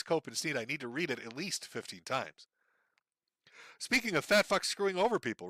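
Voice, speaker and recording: A man reading out donation messages on a casual livestream, sardonic and profane, with a deadpan delivery. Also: on the high side, no room sound, studio quality.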